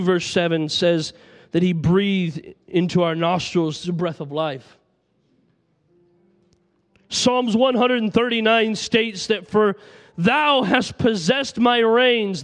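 A preacher with a strikingly high-pitched voice delivers a sermon. He speaks with passion and recites scripture at length to his congregation. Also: slow pace. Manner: impassioned, reciting scripture aloud.

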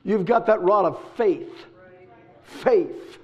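A man preaching a sermon, emphatic and repetitive, with sudden shouts. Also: very high voice, lively intonation, measured pace. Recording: dull lo-fi recording.

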